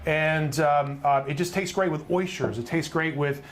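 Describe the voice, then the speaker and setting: A man's voice: on the high side, moderate pace, slight background noise. A middle-aged man, host of a live cook-along, talking through his recipe in an upbeat, chatty way and often asking "right?". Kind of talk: live cooking demonstration.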